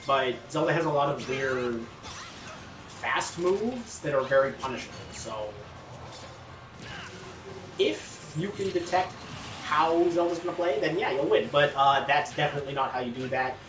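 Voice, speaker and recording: A man's voice: a little high, lively intonation, normal speed, pauses often. A man with a Canadian accent giving casual play-by-play commentary at a gaming tournament, with many ums and uhs. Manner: chatty, lots of ums and uhs. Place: campus gaming tournament room. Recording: roomy sound, mic at a distance, game music behind.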